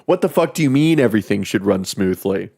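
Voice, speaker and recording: Lively, profane male game streamer. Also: lowish voice, a little fast, creaky. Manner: profane, joking, mocks the text he reads aloud. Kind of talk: casual game commentary.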